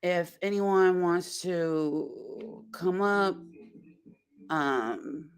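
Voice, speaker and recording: A woman hosts a casual livestream and chats at an unhurried pace. She talks in a halting, friendly way and greets her viewers one by one as they arrive. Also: on the low side, clean tone. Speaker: livestream host.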